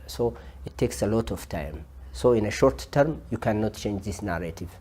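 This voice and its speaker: A man with an Ethiopian accent answers an interview in a dark, mellow voice with a husky edge. He speaks haltingly and fills his pauses with hesitation sounds. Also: fairly low pitch, animated. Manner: hesitant, many filler sounds. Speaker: interviewed journalist.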